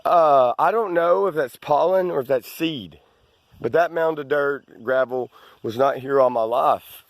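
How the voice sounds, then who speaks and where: Walking his rural Arkansas property while filming, a man talks out of breath in a rambling way, full of restarts and side comments. His voice is on the high side and creaky, at a measured pace, in a dry recording.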